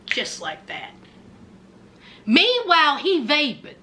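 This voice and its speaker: A woman's voice: sits high, big pitch swings, slow, long pauses, sharp tone. A woman giving a casual, sassy recap commentary, dramatically acting out what people said. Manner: sassy, dramatic, acts out quotes.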